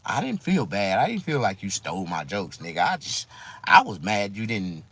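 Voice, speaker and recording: A comedian man talking casually to his viewers, telling rambling, profane stories that swing between loud outbursts and low asides. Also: wildly swooping pitch, moderate pace, breathy edge, no room sound. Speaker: stand-up comedian. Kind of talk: casual monologue to camera.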